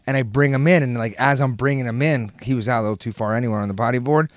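A man, a podcast guest telling stories in casual chat, animated and swearing freely as he acts out what people said. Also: mid-range voice, racing, dry recording, studio quality.

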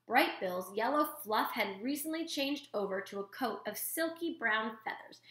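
Bright, lively woman reading a story aloud. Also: a little high, echoey room. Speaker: storytime reader. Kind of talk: reading a children's novel aloud.

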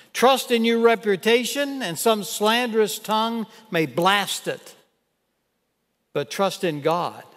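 An older man preaching a sermon as pastor in a church, earnest and measured, reading scripture aloud. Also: high-pitched, fairly bright tone. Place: church sanctuary. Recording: long church hall reverb.

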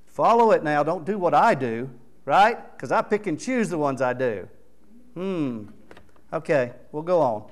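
A man's voice: a little high, lively intonation, unhurried. A man preaching a sermon as pastor, earnest and exhorting, reading scripture aloud with rising emphasis.

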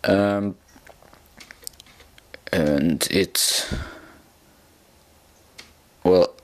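A man with a very low voice talks through a casual toy-model review at an unhurried, slow pace. He hesitates a lot, filling gaps with "um" and "uh" and restarting his sentences. He stays chatty and makes fun of himself along the way. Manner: hesitant, many fillers and restarts; self-mocking, chatty.

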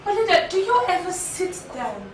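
An actress with a Nigerian accent playing a sharp-tongued young woman who teases and mocks her friends' advice. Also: extremely high pitch, sing-song, normal speed, noisy background. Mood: sarcastic. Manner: sarcastic, teasing. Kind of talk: Nollywood film acting. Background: film score music.

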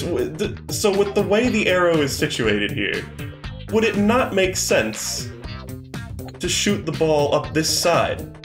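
Casual male game streamer, talkative and profane, echoey room with faint music behind. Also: mid-range voice. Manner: chatty, thinks aloud, swears casually. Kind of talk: live game-stream commentary.

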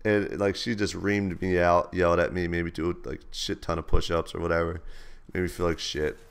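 A man's voice: low-pitched, little pitch movement, fairly quick, vocal fry, clear, resonant tone. A man hosting a gaming channel, telling laid-back, slangy stories over gameplay. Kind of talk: casual storytelling over gameplay.

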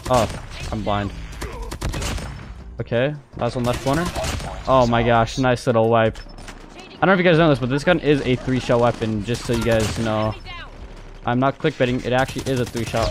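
A young man giving live commentary over his own gameplay, excitable, jumping between loud outbursts and muttered callouts. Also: medium pitch, fairly quick, long pauses, noisy background. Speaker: gaming YouTuber. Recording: music playing under gunfire.

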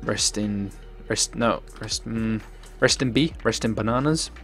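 A young man giving excitable live commentary on his gameplay stream, joking with chat and swearing. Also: on the low side, measured pace, soft background music. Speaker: gaming streamer.

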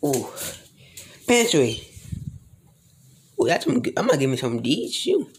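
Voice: mid-range voice, sing-song, measured pace, background noise. A speaker improvising a plush toy role-play in a rambling, mumbly way, full of slang and filler sounds.

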